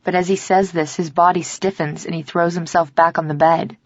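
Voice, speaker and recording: A woman's voice: fairly even intonation, normal speed, no room sound, lo-fi sound. A woman narrating a first-person romance audiobook, voicing the dialogue herself. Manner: acts out dialogue, softer and lower for the male lover.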